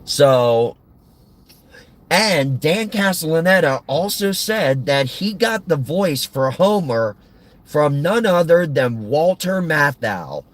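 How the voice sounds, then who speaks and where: A man's voice: fairly high pitch, sing-song, slow pace, low-quality recording. Chatty man telling a story while driving. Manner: chatty, addresses listeners, trails off with fillers. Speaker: radio-style host. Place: car. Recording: car road noise.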